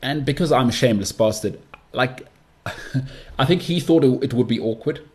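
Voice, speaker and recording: A man's voice: mid-range voice, normal speed, a little mellow. A young man hosting a solo podcast, talking in a chatty, rambling way with mocking asides. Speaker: podcast host.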